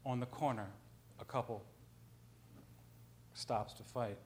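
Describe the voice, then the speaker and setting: A man's voice: medium pitch, fairly even intonation, slow, darkish tone, slight background noise. A man on a panel, a writer, telling an anecdote in a conversational way, with frequent ums and self-corrections.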